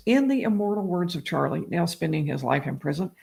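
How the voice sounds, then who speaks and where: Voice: medium pitch, sing-song, a little fast, creaky, darkish tone. A legal commentator on a livestream, reading call transcripts aloud and adding brief asides. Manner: reads quoted dialogue aloud with brief asides.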